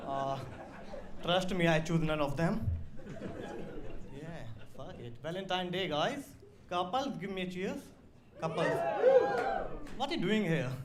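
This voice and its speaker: A man from India with an Indian accent, doing a slow, deadpan stand-up comedy set on a club stage. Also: sits high, a crowd in the background. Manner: slow, deadpan delivery with crude punchlines. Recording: roomy live club sound with audience.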